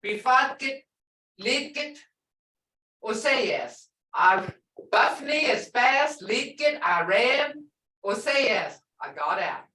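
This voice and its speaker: A woman's voice: a little high, very animated, takes it slowly, sharp tone. A woman language teacher in a classroom lesson, explaining words patiently and repeating phrases. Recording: echoey room, voice from far off.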